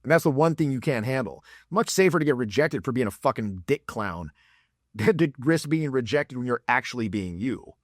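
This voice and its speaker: A man's voice: mid-range voice, animated, normal speed, no room sound, clean studio sound. A man giving blunt, profane dating advice as a coach. He talks in a mocking way and acts out examples in put-on voices.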